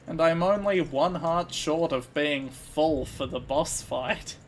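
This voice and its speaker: A man's voice: fairly high pitch, slow pace, soft background music. A man casually commentating his video game playthrough, musing through his moves with a slight frog in his throat. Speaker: let's play host.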